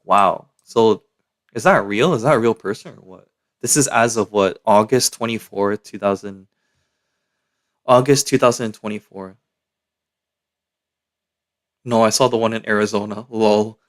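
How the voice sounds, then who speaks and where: A man's voice: fairly low pitch, measured pace, pauses often. Slangy young guy streaming. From Canada. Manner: slangy and chatty, full of "yo" and "like". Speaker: live streamer. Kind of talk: casual live-stream commentary.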